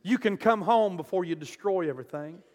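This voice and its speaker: Preacher, high voice, impassioned storytelling sermon in a reverberant hall over soft music. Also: male voice, a little fast. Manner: impassioned, surging from quiet to loud. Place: church auditorium.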